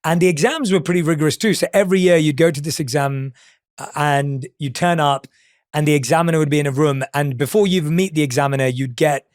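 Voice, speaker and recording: A man in casual podcast chat, telling a story about his past in a steady way. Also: on the high side, fast talker, dry recording, studio quality.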